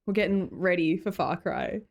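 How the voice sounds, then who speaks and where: An Australian woman livestreams from her home streaming room, rambling casually with her live viewers and laughing often. Her lowish voice moves at normal speed.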